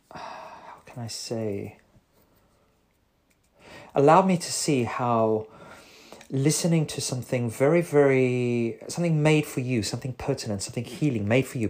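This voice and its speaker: A man, a psychotherapist, talking through a rambling, self-correcting monologue with sudden animated jumps in pitch. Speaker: psychotherapist podcast host. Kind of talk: reflective monologue.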